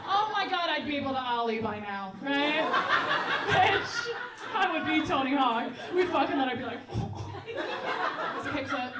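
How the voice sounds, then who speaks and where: A young woman doing stand-up crowd work, brash and quick, laughing between jokes. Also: high voice, big pitch swings, heavy background noise. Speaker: stand-up comedian. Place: comedy club stage before a live audience. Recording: roomy live mic from a distance, loud crowd.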